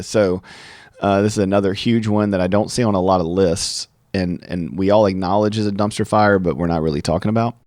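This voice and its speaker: A deep-voiced man hosts a casual interview. He tells animated stories and acts out both voices in them. The mic is close and dry. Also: dry recording. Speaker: podcast host.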